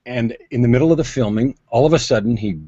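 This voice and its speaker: A man's voice: medium pitch, fast talker, warm tone, no room sound. A man being interviewed as an on-camera presence coach, telling stories dramatically over a video call with emphatic shifts in pace. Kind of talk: animated storytelling interview. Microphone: video call mic. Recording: muffled lo-fi video call audio.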